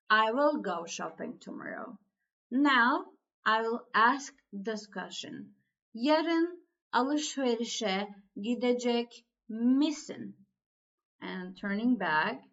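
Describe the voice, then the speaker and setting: A woman teaching a language lesson in a slow, deliberate way, repeating key points as she explains. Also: on the high side, lively intonation, sharp tone, lo-fi sound.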